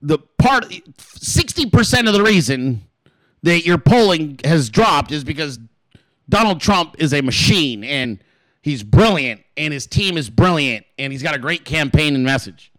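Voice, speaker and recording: A man's voice: on the high side, lively intonation, measured pace, a bit bright, no echo, pitched below the performer's own voice, poor audio. A man putting on a nervous male campaign staffer who stammers and tries to placate his boss. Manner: hesitant, stammering.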